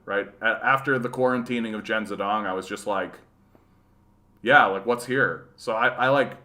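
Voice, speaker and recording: Male livestream host from rural Manitoba, bright tone, rambling, sarcastic delivery. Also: fairly low pitch. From rural Manitoba, Canada. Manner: rambling, repeats "right?", sarcastic asides. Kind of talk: casual livestream chat reading viewer comments.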